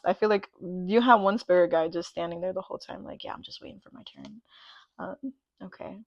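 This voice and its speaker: A woman's voice: medium pitch, gravelly, no room sound, lo-fi sound. A woman giving a pick-a-card tarot reading, gushing and emotional and full of "like" fillers. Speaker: tarot reader.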